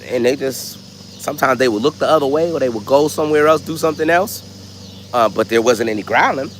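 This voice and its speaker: Animated male vlogger, loose storyteller, lively delivery, faint road noise behind. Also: mid-range voice. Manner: animated, loose, acts out voices. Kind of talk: casual storytelling.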